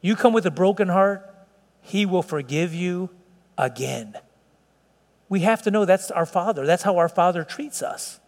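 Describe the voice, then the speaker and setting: A man with a high voice delivers a sermon, lingering on words for weight and lifting his voice as he presses a point. His voice rings out with the long reverb of a large hall. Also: darkish tone. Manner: preaching with slowed, stretched emphasis and rising intensity. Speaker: pastor.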